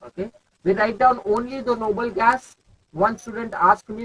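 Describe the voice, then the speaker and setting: A man's voice: high voice, moderate pace, a bit bright, slightly rough, low-quality recording. A young man with an Indian English accent teaching chemistry in a live online class, calling on students by name and repeating his questions.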